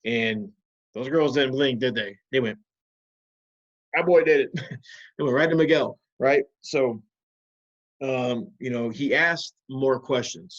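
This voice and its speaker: A man teaching a video lesson to children, patiently walking them through calming techniques with guiding questions. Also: medium pitch, highs cut off.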